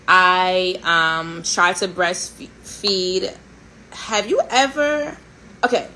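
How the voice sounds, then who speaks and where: A woman in her thirties, from a Haitian family, hosting a casual storytelling chat in a candid, sarcastic and animated way, swearing and laughing often. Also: on the low side, very slow, a little hiss or hum, poor audio. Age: 30s. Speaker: host.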